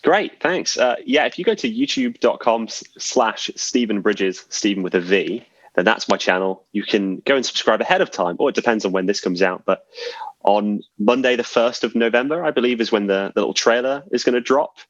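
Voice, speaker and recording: Male podcast guest, low, chatty storyteller, dry close mic. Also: lively intonation, normal speed, dry recording, highs cut off. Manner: chatty, self-deprecating, laughs often. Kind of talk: casual storytelling chat.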